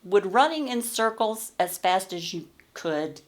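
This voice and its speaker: A woman voicing a patient male fox who calmly asks clarifying questions in a spoken story. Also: medium pitch, unhurried, lightly acted. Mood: questioning. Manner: calm questioning.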